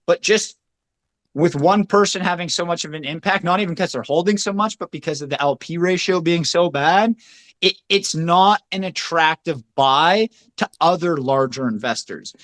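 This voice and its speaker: A man's voice: on the high side, normal speed, fairly bright tone. A man hosting a casual talk, rambling with many fillers as he talks it through. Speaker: host. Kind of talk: casual chat.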